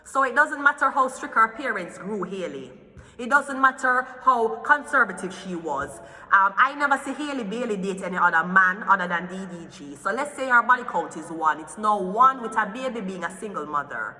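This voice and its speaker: A woman's voice: medium pitch, lively intonation, moderate pace, sharp tone, in a large hall, slight background noise. Profane, heated woman ranting. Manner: profane, heated, swearing often. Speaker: tarot reader. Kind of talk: ranting gossip commentary.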